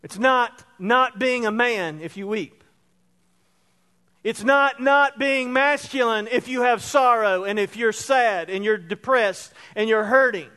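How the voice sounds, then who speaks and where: A man with a strikingly high voice delivers a sermon from the pulpit. He drops to hushed, tender tones and then climbs to ringing emphasis. His words trail off into the long echo of a church hall. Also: slow. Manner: expressive preaching that swings between soft and loud. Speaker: pastor. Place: church sanctuary.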